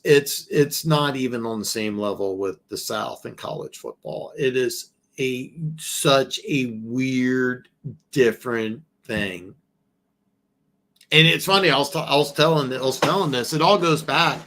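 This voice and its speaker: His mid-range voice is a bit bright as this man from the American South hosts a casual football talk show. He tends to ramble, restarting sentences and repeating words frequently.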